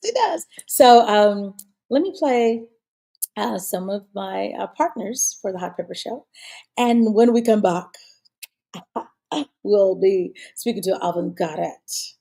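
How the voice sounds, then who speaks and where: A woman's voice: medium pitch, slow pace, gravelly, warm tone. A woman hosting her own talk show, chatting casually and rambling with many fillers and restarts. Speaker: show host. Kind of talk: casual live-show chat.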